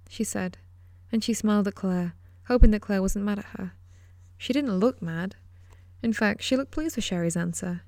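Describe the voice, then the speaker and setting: A woman's voice: mid-range voice, moderate pace, a little mellow, no echo, clean studio sound. A woman reading a horror novel aloud as an audiobook, dramatic and dropping into whispers at tense moments. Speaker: audiobook narrator. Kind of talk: scripted narration of a horror novel.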